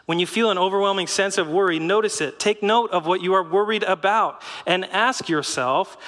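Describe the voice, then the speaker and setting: Middle-aged male pastor, fairly high bright voice, conversational sermon, long hall reverb. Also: normal speed, hardly any pauses. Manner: lively, conversational preaching with laughs and rhetorical questions.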